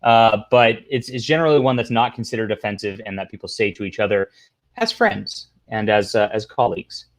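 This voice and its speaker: A man with a fairly low voice talks briskly while hosting a casual livestream. He rambles through commentary, reads posts aloud, chats with his viewers and tosses in sarcastic asides.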